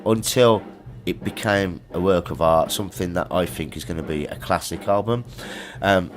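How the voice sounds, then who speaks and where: A man's voice: deep voice, moderate pace. A middle-aged man, a musician telling anecdotes in a casual interview, full of slang. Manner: chatty anecdotes with slang and laughs. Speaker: musician guest.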